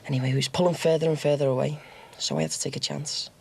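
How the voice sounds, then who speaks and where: A man's slightly high, creaky voice delivers a fairly even but quick performance, with slight background noise. He's an actor in a TV soap drama, playing a cocky young ex-con who boastfully brags about his violence, swaggering and chuckling as he tells the story.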